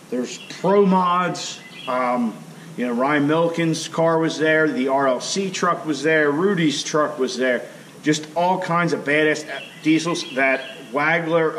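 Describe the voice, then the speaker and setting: A man's voice: medium pitch, a bit bright, a little hiss or hum. A man, a young adult, casually recapping an event for his vlog, rambling with lots of "um" and "you know". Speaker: vlogger.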